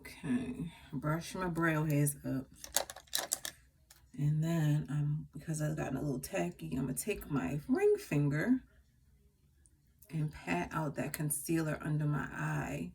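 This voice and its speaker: Woman makeup artist, chatty tutorial delivery, husky lower voice that swings up and down, mic a little distant. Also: a little slow, a little mellow. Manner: chatty, laughs often, talks while applying makeup.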